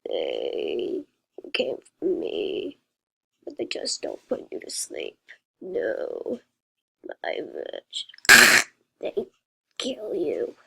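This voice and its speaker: A woman voicing a vengeful male monster in whispered role-play, with a deep, breathy whisper and a slow, menacing delivery. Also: huge pitch swings, bright, forceful tone, slight background noise, heavily acted, rough recording. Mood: threatening.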